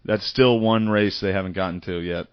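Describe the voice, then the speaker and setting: A low-voiced man ribs his co-host with mock outrage in casual podcast banter. The sound is dry and close, with a dull, lo-fi quality. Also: steady tone, moderate pace, clear, resonant tone, no echo.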